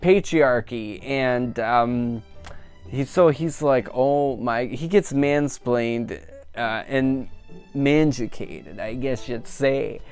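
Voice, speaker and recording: Man, casual movie reviewer, rambling, animated, smooth resonant voice, mid-range pitch. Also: slow pace, faint music behind. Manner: chatty and rambling, full of "like" and "you know"; animated, laughing at the funny parts. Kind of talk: casual spoken film review.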